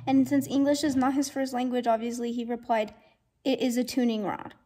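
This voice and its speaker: A young woman from the United States chatting casually in a vlog, excitable and self-mocking, laughing often. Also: a little high, a little fast. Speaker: vlogger.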